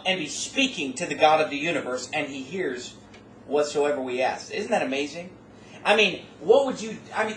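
A man's voice: high-pitched, fairly bright tone. A middle-aged man preaching a sermon, exhorting his listeners with rhetorical questions and folksy asides that rise to emphatic peaks. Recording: roomy, distant mic, faint room noise.

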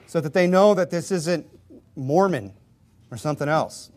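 A middle-aged male pastor with a slightly high voice delivers a sermon in a relaxed, conversational manner. He acts out little doorstep exchanges and pokes fun at himself. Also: unhurried. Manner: conversational preaching with acted-out doorstep dialogue; self-deprecating humor, chuckles often.

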